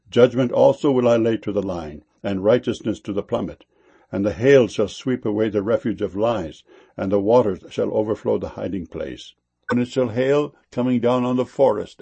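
A man with a low, gravelly voice gives a solemn scripture reading. He phrases each line in a measured, deliberate way and slows down to lean on key words. His tone is somewhat husky. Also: mellow. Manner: measured, deliberate phrasing with slow emphatic stresses.

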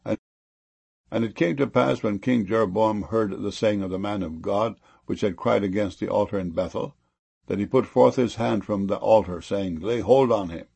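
A man reads scripture solemnly in a low, gravelly voice with a husky edge. He lifts his pitch and volume for each quoted speaker, then drops back into a steady narration. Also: normal speed. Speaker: scripture reader.

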